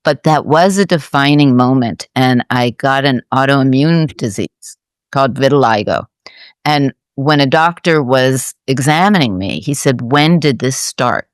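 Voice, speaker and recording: Woman host musing out loud, smooth clear voice, dry close sound, stops and restarts a lot. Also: very deep voice, animated, no room sound. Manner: reflective, halting storytelling with restarts. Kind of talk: conversational storytelling.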